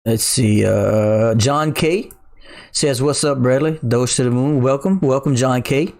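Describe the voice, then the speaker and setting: A middle-aged man from Louisiana with a Cajun accent, chatting casually on a crypto livestream, reading viewer comments in an excitable, slangy way. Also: medium pitch, measured pace, creaky. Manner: excitable, laughing, slangy, says "bruh".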